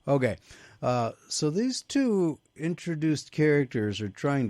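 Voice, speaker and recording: A man's voice: a little high, unhurried, no room sound. A man hosting a casual movie review show, giving his take and then passing the turn to each co-host. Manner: lively, hands turns to co-hosts. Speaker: podcast host.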